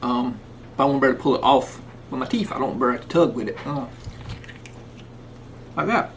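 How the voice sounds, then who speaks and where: A man's voice: medium pitch, a little fast, slight background noise. A man hosting a casual cooking vlog, talking folksy and sometimes with food in his mouth. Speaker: cooking channel host. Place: outdoors in the rain, then indoors.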